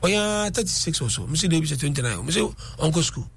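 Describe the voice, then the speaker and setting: Fast-talking Ghanaian man, husky. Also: on the high side. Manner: switches between English and Twi, animated storytelling. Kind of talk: casual discussion.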